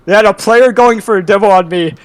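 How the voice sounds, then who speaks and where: A man with a somewhat high voice recounts the match, excitable and quick to laugh. He sits a little back from the microphone in a dry room. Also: no echo, far from the mic, rough recording. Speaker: player. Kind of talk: post-match interview.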